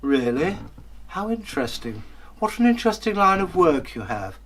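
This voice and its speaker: A man voicing a pompous, haughty male king with a raised, drawn-out voice. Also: high voice, big pitch swings, fairly bright tone, slight background noise, voice pushed up.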